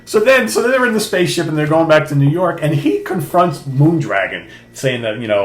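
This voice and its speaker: An older man co-hosting a casual podcast chat retells a comic book story, acting out the characters' lines. He talks briskly with few pauses, his voice on the high side with lively intonation, in an echoey room with a faint hum.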